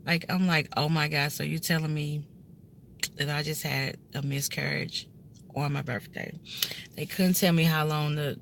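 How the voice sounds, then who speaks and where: A woman's voice: low voice, steady tone, moderate pace, vocal fry, slight background noise. A woman in her thirties tells a personal story in a car, speaking earnestly and emotionally and often turning straight to her viewers. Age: 30s. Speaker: vlogger telling a personal story. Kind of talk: casual heartfelt story time. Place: inside a car.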